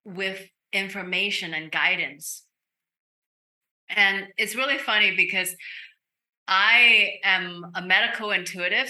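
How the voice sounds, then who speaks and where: A woman speaking as a podcast guest, a medical intuitive telling an earnest, animated story. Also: on the low side. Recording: roomy echo.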